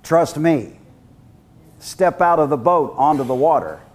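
A man preaching a sermon, telling stories in an animated way and acting out the voices. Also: a little high, normal speed. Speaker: guest preacher.

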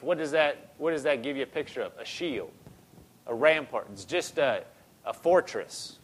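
A man's voice: mid-range voice, lively intonation, normal speed. A man preaching a conversational sermon, repeating phrases and rising into emphatic bursts.

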